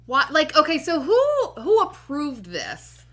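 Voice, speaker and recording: A woman co-hosting a podcast, chatting casually with animated, emphatic reactions. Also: medium pitch, measured pace. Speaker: podcast co-host. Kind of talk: casual chat.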